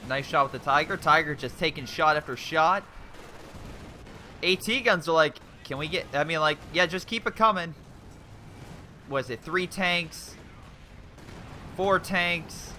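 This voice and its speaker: A young man giving casual commentary over a strategy game replay, excitable and rambling, breaking off into exclamations. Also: fairly high pitch, unhurried, long pauses, a little hiss or hum.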